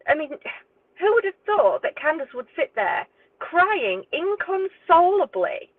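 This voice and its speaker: A woman's voice: high voice, dry recording. A woman ranting indignantly as a true crime YouTuber, swearing and exasperated. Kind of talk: angry direct-to-camera rant. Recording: tinny phone-like dry audio.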